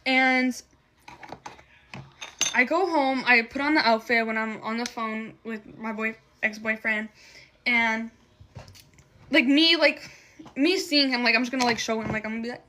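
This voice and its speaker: Over slight background noise, a young adult woman speaks in a slightly high, bright, forceful voice. She tells a personal story while doing her makeup, staying casual and emotional, swearing heavily and saying "like" again and again.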